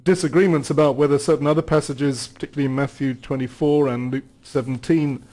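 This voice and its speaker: A man's voice: fairly high pitch, steady tone, quick pace, warm tone. A man teaching about scripture in a studio conversation, reading passages aloud and explaining them earnestly, with occasional restarts. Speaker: guest Bible teacher.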